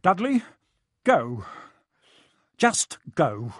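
A man voicing a bullying middle-aged uncle who talks in a gruff, wheezing, blustery way. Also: on the high side, huge pitch swings, very slow, no echo, clean studio sound, pitched above the performer's own voice, exaggerated voice.

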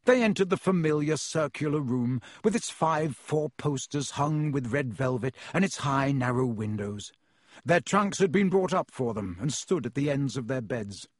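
A man narrating an audiobook in a measured, expressive storytelling style. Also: medium pitch, no room sound, clean studio sound. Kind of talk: scripted narration.

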